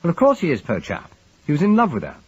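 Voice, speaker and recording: A man voicing a wry, urbane gentleman detective who reasons things out in a dry, clipped way. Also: on the high side, wildly swooping pitch, fast, slightly rough, dry recording, lo-fi sound, voice pushed up, heavily acted.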